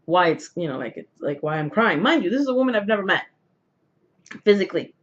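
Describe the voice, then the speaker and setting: A woman's voice: lowish voice, lively intonation, quick pace, slight background noise. A woman vlogger with a sore throat, casually telling a personal story to camera, rambling with many fillers and restarts. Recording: dull lo-fi recording.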